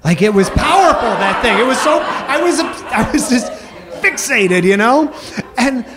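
High-voiced man telling a comic story. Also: expressive, a crowd in the background. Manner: rambling, halting restarts, self-mocking punchlines.

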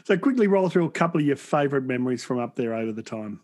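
A man's voice: mid-range voice, expressive, quick pace, a little mellow. A man interviewing a guest, asking short prompting questions.

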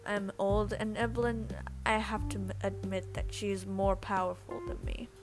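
Frail old ghost woman, hoarse and breathless, as a reader voices her. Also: mid-range voice, flat delivery, moderate pace, music in the background, close to an everyday voice. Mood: weak. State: hoarse whisper, short of breath. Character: old weakened female ghost leader. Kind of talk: storybook reading.

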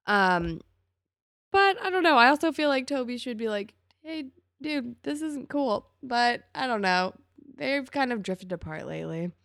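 Chatty woman with a gravelly voice. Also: medium pitch, a bit bright, dry recording, studio quality. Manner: chatty, gossipy, acts out characters' lines. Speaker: podcast host. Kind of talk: casual chat recapping a TV episode.

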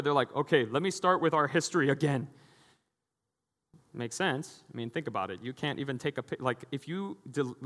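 A man preaching a lively, conversational sermon as a pastor, often acting out the voices of the people he describes. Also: on the high side. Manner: animated, acting out quoted voices. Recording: long hall reverb.

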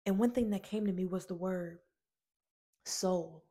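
A woman's voice: fairly low pitch, extremely slow, pauses often, mellow. A woman giving a motivational talk, telling a personal story in an earnest, emotional way, addressing listeners as friends and repeating key phrases. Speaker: motivational speaker.

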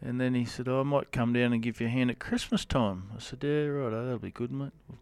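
An Australian man, a rodeo cowboy, yarns along in a casual interview, looping back with fillers and restarts. His voice is smooth and clear at an ordinary pitch. The mic sits close and dry. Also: steady tone, a little fast, no echo. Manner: rambling, lots of "you know" and restarts.

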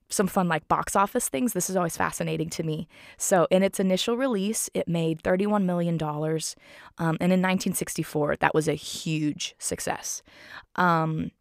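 A woman's voice: fairly low pitch, dry recording, clean studio sound. A woman recapping a film in casual talk, heartfelt and rambling with many fillers. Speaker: film reviewer.

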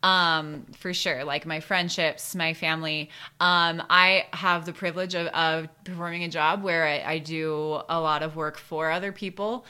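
A young woman on a podcast, chatting casually. She pauses often and hedges her sentences with filler words. Her voice sits lower than most women's but sounds bright and clear. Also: fairly even intonation. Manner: hesitant, full of "like" fillers. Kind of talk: casual chat.

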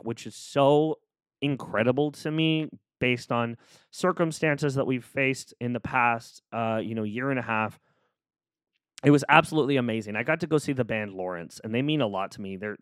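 A man's voice: mid-range voice, fairly bright tone, clean tone, no room sound, clean studio sound. Upbeat encouraging male podcast host. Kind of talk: casual solo podcast talk. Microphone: close studio microphone.

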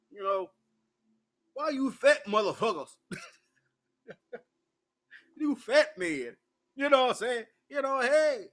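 Hosting his own uncensored talk show, this brash Memphis man delivers a solo monologue in a fairly high voice. He curses freely, laughs a lot, and tells his stories with loud, unfiltered bluntness.

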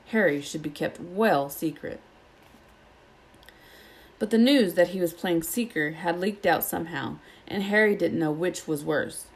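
A woman reads a children's novel aloud, keeping an even, steady storytelling pace. Her voice sits a little low for a woman. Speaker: audiobook reader.

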